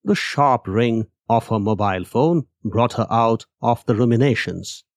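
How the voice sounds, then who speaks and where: A man narrating a horror story in a measured, dramatic way. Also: medium pitch, no echo, clean studio sound. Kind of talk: scripted narration.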